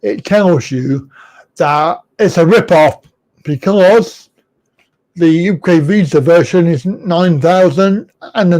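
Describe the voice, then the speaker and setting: A man's voice: on the high side, a little mellow. A middle-aged man hosting a casual live chat, talking bluntly and ramblingly, and chuckling often at his own remarks. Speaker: livestream host.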